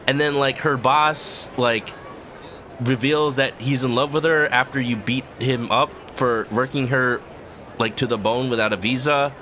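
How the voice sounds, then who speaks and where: A man's voice: medium pitch, steady tone, measured pace, pushed and bright, a little hiss or hum. A male streamer giving casual, rambling, joking commentary over gameplay.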